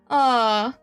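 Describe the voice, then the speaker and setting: A woman's voice: a little high, a bit bright, smooth. A woman streamer chatting casually with her viewers, giggling often and rambling with many restarts. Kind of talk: casual live-stream chat.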